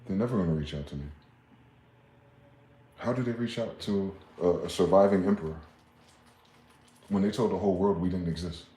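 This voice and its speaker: A man talking in a rambling, profane late-night monologue, swinging from loud outbursts to low muttering. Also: moderate pace, pauses often, echoey room. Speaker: vlogger.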